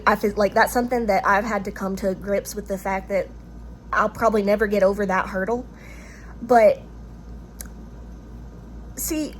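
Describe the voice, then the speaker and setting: A woman with a Southern US accent and a medium-pitched voice vlogs straight to the camera she's recording herself with, and there's a slight hiss or hum underneath. Her monologue is casual and rambling, hesitant, with lots of restarts and fillers.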